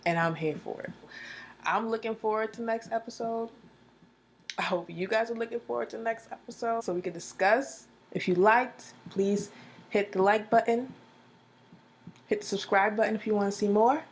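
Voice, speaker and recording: Lively woman recapping a drama. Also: on the high side, normal speed. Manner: animated storytelling, acting out quotes, laughing often; slangy, repeats phrases for emphasis. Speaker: drama reviewer. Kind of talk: casual reaction vlog.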